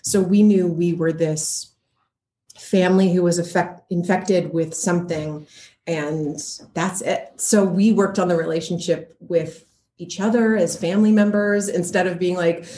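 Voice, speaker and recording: A middle-aged woman, a voice actor, chatting casually in an interview with frequent laughs and quick asides. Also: lowish voice, steady tone, mellow. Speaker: voice and motion capture actor, guest.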